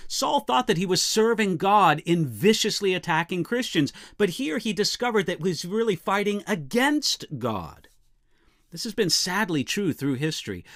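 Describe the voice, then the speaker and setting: A male pastor teaching a short devotional in a fairly high, animated voice that rises and falls a lot. He leans on key words and lets deliberate pauses land. The sound is close and dry, with no room around it. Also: no echo. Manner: expressive, emphatic reading with deliberate pauses. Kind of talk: daily devotional Bible teaching.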